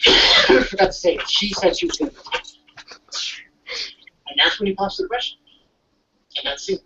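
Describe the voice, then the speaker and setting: A young adult recapping an anime episode in a casual, excitable chat. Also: medium pitch, far from the mic. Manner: animated, excitable storytelling. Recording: muffled audio from off-mic.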